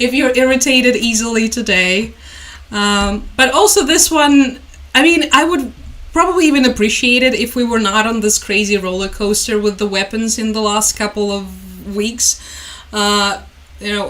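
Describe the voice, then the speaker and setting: A woman's voice: mid-range voice, unhurried, a bit bright. A woman from Ukraine, giving chatty, sarcastic news commentary on a vlog. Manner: chatty, sarcastic, laughs often.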